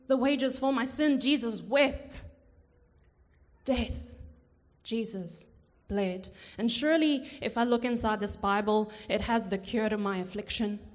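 A woman performing spoken word poetry in church, slow and measured, with dramatic pauses. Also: fairly high pitch. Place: church hall. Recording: hall reverb.

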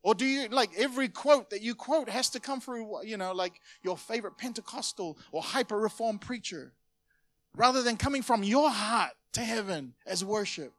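A man preaching a sermon to his church in a conversational way, with sudden loud emphases. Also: high-pitched, expressive, moderate pace. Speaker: pastor.

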